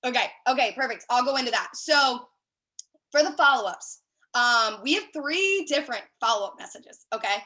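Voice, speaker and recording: A woman leading a team sales training over a video call, chatty and excited, with lots of fillers and quick asides. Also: a little high, low-quality recording.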